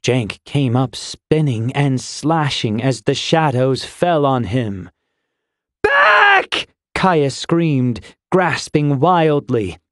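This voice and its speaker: A man reading a fantasy audiobook in measured, steady storytelling, close to a studio mic. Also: medium pitch, no echo. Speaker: audiobook narrator. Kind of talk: scripted fantasy narration.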